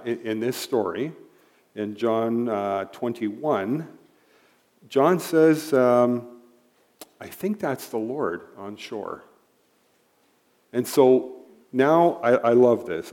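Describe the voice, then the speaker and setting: Male pastor, mid-pitched voice, chatty sermon delivery. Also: a little mellow. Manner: conversational, frequent "right?" and "you know" asides. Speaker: preacher.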